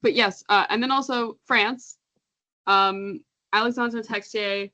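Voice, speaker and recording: A woman's voice: mid-range voice, takes it slowly, sharp tone. A woman co-hosting a casual podcast, chatty and laughing often, stumbling over names as she reads them out. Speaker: podcast co-host. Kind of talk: casual chat.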